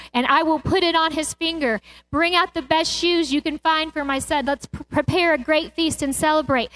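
A woman's voice: high-pitched, a bit bright. A middle-aged woman preaching a sermon, retelling a parable with impassioned swells and cries of praise.

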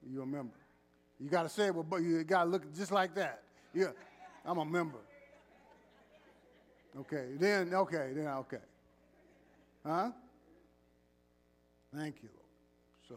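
A man preaching as pastor in a church, calling for responses and joking with the congregation. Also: a little high. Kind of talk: sermon with announcements.

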